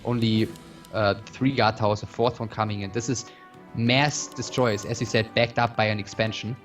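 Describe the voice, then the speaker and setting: A man co-commentating a strategy game match in an analytical way, pausing often with fillers. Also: on the low side, level tone. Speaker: esports co-commentator. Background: background music.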